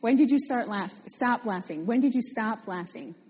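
A woman preaching a sermon, animated and playful, repeating phrases for emphasis. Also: on the high side, normal speed, breathy edge, in a large hall.

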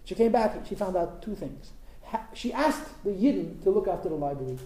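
A man's voice: high-pitched, lively intonation, a little fast, mellow. A man telling a story in an informal religious talk, conversational and emphatic, with asides to his listeners. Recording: roomy echo with faint background.

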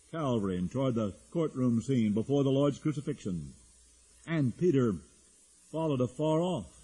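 A man's voice: on the high side, warm tone, husky. A man preaching a sermon as a pastor, in earnest, with frequent restarts. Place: church hall. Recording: echoey hall.

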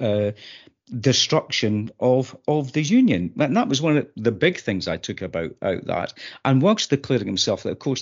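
Animated man in political talk. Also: on the low side. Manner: animated, pausing with many fillers. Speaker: podcast co-host. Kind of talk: political discussion. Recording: dull lo-fi sound.

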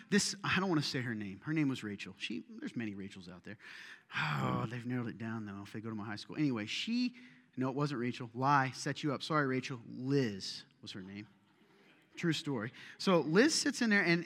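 A man preaching a sermon, animated and joking, with self-deprecating asides, in a church auditorium. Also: a little high. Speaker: pastor. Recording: long reverb of a large hall.

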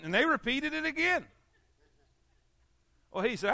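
A preacher man with a high, ringing voice leads an evening church sermon. He talks in a folksy, repetitive way and keeps calling for amens. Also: big pitch swings, moderate pace, long pauses, pushed and bright, dry recording, clean studio sound. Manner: folksy, repeats phrases, calls for amens. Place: church service.

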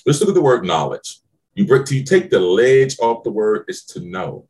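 A man's voice: big pitch swings, moderate pace, darkish tone. A man hosting a podcast as a business mentor, preaching in an emphatic, profane way with exclaiming questions. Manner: emphatic, preachy, swears freely, swings to high exclaiming questions. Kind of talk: motivational podcast talk.

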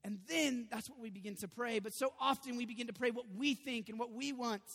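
A man preaching a sermon in an animated, conversational way with sudden loud bursts, in a church sanctuary. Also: very high-pitched, fairly quick. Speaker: pastor. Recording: long reverb of a large hall.

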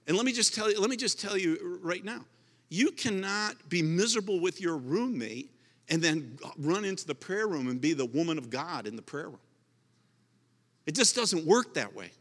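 Bright-voiced preacher man in a hall. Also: high-pitched, expressive, normal speed. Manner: emphatic, repetitive preaching with restarts. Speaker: pastor. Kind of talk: sermon.

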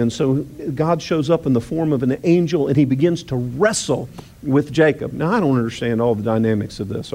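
A male pastor preaching a sermon, emphatic and repetitive, acting out Bible dialogue and rising toward near-shouts on key lines. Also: fairly high pitch. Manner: acts out Bible dialogue in character voices.

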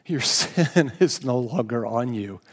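A man voicing a gentle, kindly old saint. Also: mid-range voice, expressive, slow. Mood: solemn. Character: gentle elderly male saint, calm and kindly. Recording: long hall reverb.

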